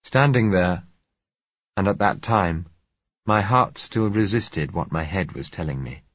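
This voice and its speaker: A man narrating a novel in first person, in a measured, reflective way. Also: low voice, expressive, a bit bright, slightly rough, dry recording, muffled recording. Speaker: audiobook narrator.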